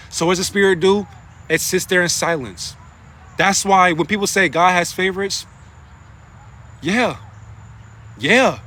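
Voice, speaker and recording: A man's voice: high voice, sharp tone. A man delivering a rambling, profane spiritual monologue into his phone, preaching in a casual way. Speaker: spiritual vlogger.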